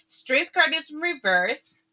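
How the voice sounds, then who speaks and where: A woman giving a casual tarot reading to her viewers, chatty and animated, often laughing and exclaiming. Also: high voice, slow pace, a little hiss or hum. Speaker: tarot reader.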